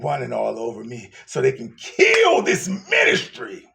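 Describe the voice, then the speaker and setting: Gravelly, fervent preacher swinging loud to whispered. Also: male voice, mid-range voice, huge pitch swings, unhurried. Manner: swings from shouting to hushed whispers. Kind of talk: emotional street sermon.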